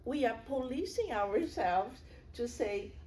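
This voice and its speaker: Middle-aged lady lecturing at a spirit center, kinda high voice, takes her time, chatty and earnest. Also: lively intonation, slow, mellow. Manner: earnest and conversational, with personal anecdotes.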